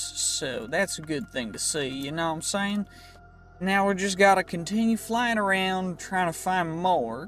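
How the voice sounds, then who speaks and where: Casual male gamer narrating his own playthrough, light upper voice, goofy half-accent, soft music underneath. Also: on the high side. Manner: chatty, playful, with a half-joking put-on accent. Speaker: gaming YouTuber. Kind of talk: casual gameplay commentary.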